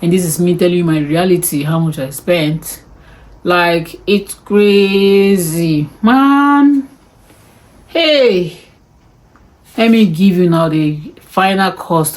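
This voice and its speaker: A woman's voice: sits low, moderate pace, few pauses, a little mellow. Chatty woman vlogger tallying costs. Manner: chatty, exclaims and sighs over the costs. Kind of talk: casual cost breakdown talk to camera.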